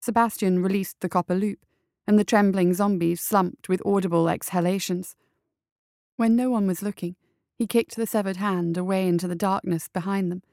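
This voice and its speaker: A woman narrating a story as an audiobook, in a measured, even storytelling manner. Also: mid-range voice, dry recording, clean studio sound.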